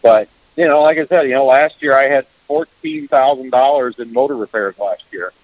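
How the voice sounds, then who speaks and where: A man's voice: mid-range voice, moderate pace, dry recording. A man talks in loose, rambling fashion, stacking filler words as he goes. The sound is dull and lo-fi, like an old radio feed. It's dry and close, with no room around him. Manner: rambling, heavy on "you know" fillers. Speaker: fishing guest. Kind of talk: casual radio chat.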